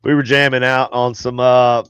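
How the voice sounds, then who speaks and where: A man's voice: medium pitch, flat delivery, moderate pace, a bit bright, clear, resonant tone, no echo, lo-fi sound. A man hosting a paranormal podcast, chatting casually and rambling with many fillers and restarts. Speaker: podcast host. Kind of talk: casual chat.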